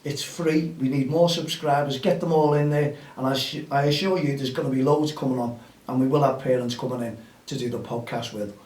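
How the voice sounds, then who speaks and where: This darkish, mid-range male voice moves fairly quickly with fairly even intonation. He's the host of a grassroots football show, chatting outdoors in an upbeat way that rallies listeners, sounding slightly off-mic with a roomy echo in this casual podcast.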